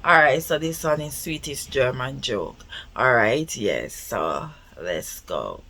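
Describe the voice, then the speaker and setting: A woman's voice: rumbling low, lively intonation, slow pace, background noise. A woman hosting a reaction video, thinking aloud with amusement about the clip she is watching. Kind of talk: reaction commentary.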